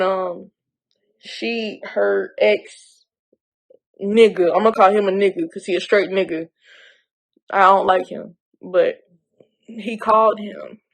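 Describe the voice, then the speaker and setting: A woman's voice: mid-range voice, low-quality recording. A young woman from North Carolina, telling an emotional storytime vlog bluntly while holding back tears. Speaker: vlogger.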